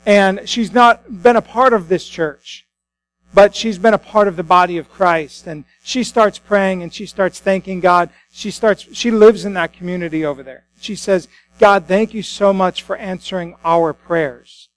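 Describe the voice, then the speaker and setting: A man's voice: high-pitched, moderate pace, low-quality recording. A man, a pastor, preaching a sermon in a conversational storytelling way with frequent restarts.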